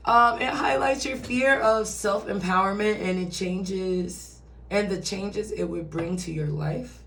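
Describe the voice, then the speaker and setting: A woman's voice: mid-range voice, slow pace, hardly any pauses, fairly bright tone. A woman giving a casual, chatty tarot reading who swears and acts out quoted voices. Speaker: tarot reader. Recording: roomy echo, distant from mic.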